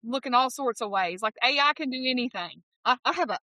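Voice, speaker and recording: A woman's voice: high-pitched, animated, pushed and bright, no room sound. A woman in her fifties with a Southern accent, interviewing a guest in an exuberant, emphatic way. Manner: exuberant, emphatic, quick to laugh. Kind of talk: enthusiastic interview chat.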